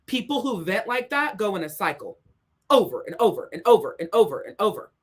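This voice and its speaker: A woman's voice: medium pitch, big pitch swings, fairly quick, husky. Woman, life coach, blunt, emphatic, profane, motivational monologue. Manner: blunt, emphatic, heavy swearing; repeats points for emphasis.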